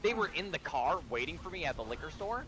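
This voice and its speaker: A man chatting casually while playing a video game, telling a story and doing high voices for the people in it. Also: big pitch swings, fast talker. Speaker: gamer. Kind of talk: casual chat while gaming.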